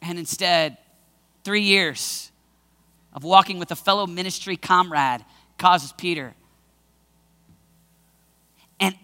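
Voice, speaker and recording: A man with a high-sitting voice delivers a dramatic sermon, acting out scenes and breaking into shouts. He is preaching in a large hall where the sound carries a long reverb.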